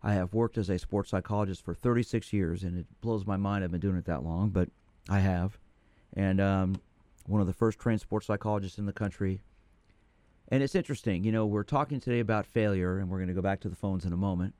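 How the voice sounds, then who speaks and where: A low-voiced man in his sixties hosts a call-in radio show from a studio, speaking directly and conversationally. The sound is dry and close, with no room echo. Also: steady tone, a little fast, dark tone. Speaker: radio show host, sports psychologist.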